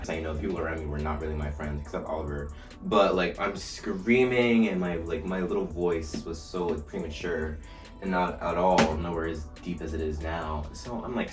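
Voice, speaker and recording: A young man vlogger telling a story in a casual way while getting ready, with animated retellings. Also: deep voice, normal speed. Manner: animated storytelling, shouting re-enacted lines. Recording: echoey room, mic at a distance, faint music.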